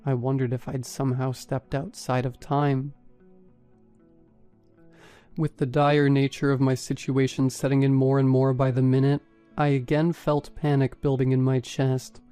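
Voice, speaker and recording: A man narrating a first-person horror story in a steady, even storytelling manner. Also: mid-range voice, unhurried, clean tone, faint music behind. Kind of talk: scripted narration.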